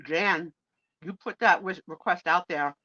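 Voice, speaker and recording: A woman's voice: on the low side, a little slow, dry recording. A middle-aged woman co-hosting a live stream, telling a dating story in casual chat and acting out the voices of people in it. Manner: animated, acts out voices in her stories. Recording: dull lo-fi stream audio.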